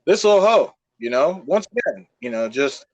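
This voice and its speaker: A young man co-hosts a podcast in a fairly high voice, spinning a story in an animated, profane way with plenty of fillers. The sound is dry and close to the mic. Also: normal speed, no room sound. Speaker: podcast co-host. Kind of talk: casual storytelling.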